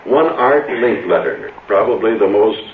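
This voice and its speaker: A low-voiced male announcer with a polished, measured delivery. He comes through a thin, phone-like remote line with a roomy echo around him. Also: lively intonation, a little hiss or hum. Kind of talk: formal tribute speech. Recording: tinny echoey remote radio line.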